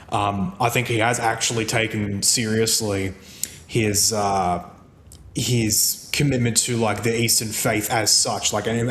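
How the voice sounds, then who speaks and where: A man's voice: mid-range voice, slight background noise. A livestream co-host, a man speaking casually with a wry, sarcastic edge and many hesitations. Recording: roomy mic sound.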